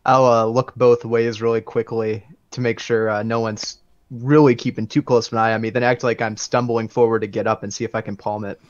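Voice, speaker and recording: A man's voice: medium pitch, little pitch movement, a little fast, dry recording, lo-fi sound. A man as a player in a tabletop game, speaking casually and hesitantly.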